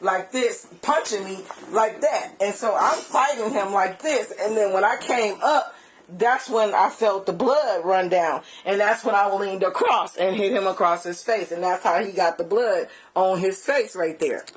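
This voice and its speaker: A woman's voice: mid-range voice, measured pace, low-quality recording. Woman rambling through a retelling. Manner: rambling, run-on retelling with lots of repeats. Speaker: person reporting an assault to police. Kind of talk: recounting events to an officer. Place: bedroom in a home, indoors. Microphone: officer's body camera.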